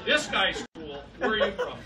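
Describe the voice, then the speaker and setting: A man doing a live stand-up set, riffing with the crowd and swinging between loud and soft. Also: sits high, expressive, normal speed. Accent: Californian. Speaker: stand-up comedian. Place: comedy club stage. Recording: roomy, distant live club recording. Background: loud crowd laughter and noise.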